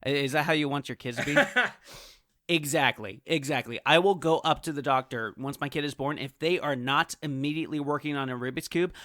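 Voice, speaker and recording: A man's voice: on the high side, fairly quick, sharp tone, dry recording, studio quality. A man hosting a comedic in-character podcast, rambling and often breaking into laughter. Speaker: podcast host.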